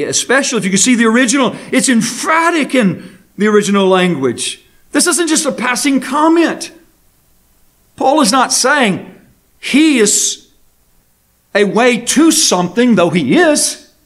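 Slow, high-voiced preaching man. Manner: slow, deliberate preaching with emphatic pauses on key words. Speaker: pastor. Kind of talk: sermon. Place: church sanctuary.

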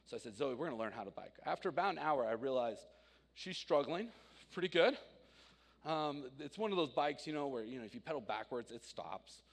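Storytelling pastor in an echoing church hall. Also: male voice, mid-range voice, a little fast. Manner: animated personal storytelling, swinging from loud to quiet. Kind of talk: sermon. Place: church sanctuary.

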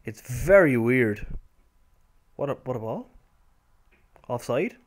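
A young man giving casual, rambling commentary over a football video game, with sudden excited outbursts. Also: mid-range voice, slow pace. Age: young adult. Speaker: gameplay commentator.

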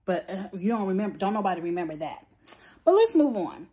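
A woman giving a blunt, profane, animated review of a reality show in a casual vlog. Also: mid-range voice, brisk. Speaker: reality TV recap vlogger. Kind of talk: casual opinionated commentary.

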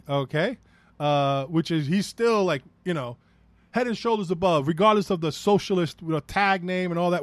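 A man's voice: fairly high pitch, dry recording. A man with a New York accent ranting through a solo podcast episode, profane and rambling, talking in a heated way. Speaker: podcast host.

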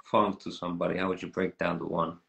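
Low gravelly guy hosting a chill interview, short reactions. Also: little pitch movement, fast talker, a bit bright. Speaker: interviewer host. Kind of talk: casual interview.

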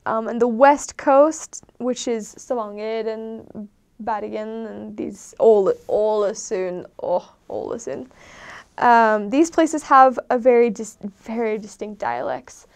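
A woman's voice: on the high side, takes it slowly, clear, resonant tone. A woman in a casual, meandering chat who explains things with many ums and loose asides. She is an outsider to the country she describes. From not from Norway. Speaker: vlogger explaining dialects.

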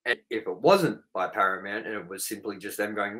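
A man's voice: on the low side, a little fast, bright, forceful tone. An Australian man co-hosting a podcast, ranting in a heated, profane casual chat. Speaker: podcast co-host.

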